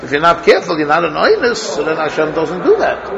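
A man teaching a Torah study class, his voice sitting a touch higher than most men's. He works through ideas out loud, quizzing the room and restarting his sentences as he goes, while his students are clearly heard around him. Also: wildly swooping pitch, fast talker, muffled recording, crowd noise. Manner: thinks aloud, questioning students, many restarts.

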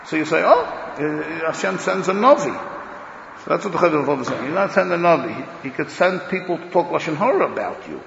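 A man giving a Torah lecture in an emphatic, loud way, swinging between declarations and muttered asides, recorded dull in an echoey hall. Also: fairly high pitch, expressive, fast, vocal fry, few pauses, background noise. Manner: talks loudly, says he is hard of hearing. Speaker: rabbi giving a Torah class.

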